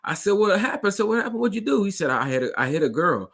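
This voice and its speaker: A man who drives a school bus, casually telling a story to his listeners and acting out the dialogue with lively jumps in his voice. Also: fast, vocal fry, slightly rough. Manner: animated, acts out dialogue with big pitch jumps; conversational, addresses listeners directly.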